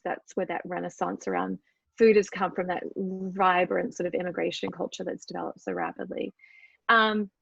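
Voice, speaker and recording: A woman's voice: medium pitch, creaky, dry recording, highs cut off. A middle-aged Australian woman chatting enthusiastically as an interview guest, with frequent fillers. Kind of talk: casual conversation.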